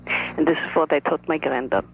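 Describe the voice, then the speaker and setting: A woman's voice: sits low, fairly even intonation, vocal fry, background noise. Woman doing a shy old grandmother. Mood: shy, earnest. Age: older. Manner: soft-spoken, measured, slightly broken English. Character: shy, careful elderly Russian-born grandmother. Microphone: telephone. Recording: dull telephone line.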